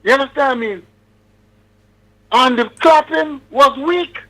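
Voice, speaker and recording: A male caller, heard over a thin phone-like line. His voice sits very high, and he delivers his points as emphatic, preachy warnings. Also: takes it slowly, bright, forceful tone. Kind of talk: casual call-in chat.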